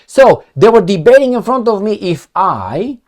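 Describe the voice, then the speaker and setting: A man's voice: high voice, very animated, normal speed, darkish tone. A man giving blunt, sarcastic political commentary with some swearing, talking straight to the viewer. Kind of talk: opinionated commentary monologue.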